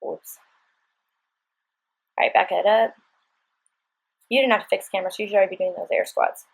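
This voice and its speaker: Breathy-voiced woman talking you through a workout, chatty and upbeat, pushing you to keep going. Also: medium pitch, a little fast, low-quality recording. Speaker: fitness instructor. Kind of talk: workout instruction voice-over.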